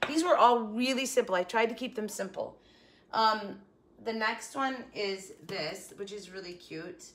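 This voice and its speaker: An older woman talking through a crafting tutorial in a middle-pitched voice. She is chatty and tender, holding back tears as she goes. Her voice often drops into quiet, trailing asides. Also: a little slow, a little hiss or hum. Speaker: craft vlogger.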